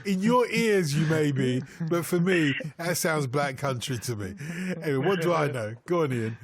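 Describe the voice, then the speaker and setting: A man's voice: a little high, lively intonation, moderate pace, a crowd in the background. A man hosting a radio phone-in, taking calls with a teasing, jokey manner. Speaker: radio show host.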